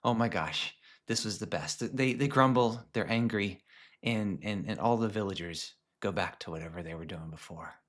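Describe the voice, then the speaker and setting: A man presenting a lesson on film characters, telling a story in a conversational way with frequent restarts and some soft, hushed stretches. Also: on the low side, moderate pace. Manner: conversational, many restarts, drops to a hush at times.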